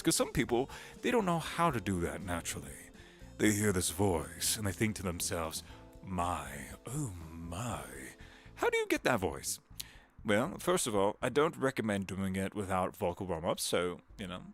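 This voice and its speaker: A man, a voice actor, chatting casually on a home livestream with a gravelly vocal fry, giggling and wandering between topics. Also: lowish voice. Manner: chatty, giggly, drifts into voice demos. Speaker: voice actor streaming.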